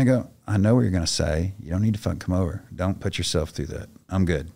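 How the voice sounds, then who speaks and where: Middle-aged retired soldier, deep-voiced, talking bluntly and profanely as a podcast guest. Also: male voice, fast talker, vocal fry, a little mellow. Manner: blunt, profane, acts out the voices in his stories. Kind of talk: casual storytelling.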